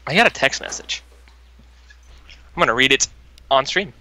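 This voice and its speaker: A man's voice: medium pitch, lively intonation, moderate pace, noisy background. A young man streaming a video game with a friend, chatting and joking. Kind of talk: let's play banter.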